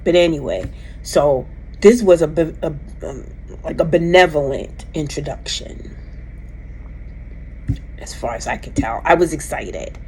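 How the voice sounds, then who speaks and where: A woman telling a personal story in a casual, animated way, emphatic and rambling with restarts. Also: sits low, measured pace, long pauses, slight background noise, rough recording. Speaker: vlogger recounting a personal experience.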